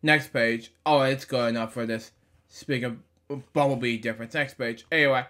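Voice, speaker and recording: A man's voice: mid-range voice, steady tone, moderate pace, fairly bright tone. A man reading a picture book aloud, stumbling over words, correcting himself and chatting between pages. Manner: stumbling reader, frequent fillers and self-corrections. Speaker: storybook reader.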